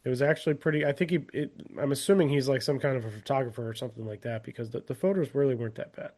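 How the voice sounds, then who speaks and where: A man's voice: medium pitch, rapid-fire, darkish tone. A man co-hosting a casual podcast, easygoing and loose, trailing off into vague estimates. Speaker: podcast co-host.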